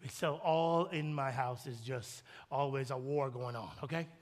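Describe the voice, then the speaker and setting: A pastor in his thirties preaching a sermon, swinging from shouted peaks to hushed, intimate storytelling. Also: medium pitch, unhurried. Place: large church hall. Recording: long hall reverb.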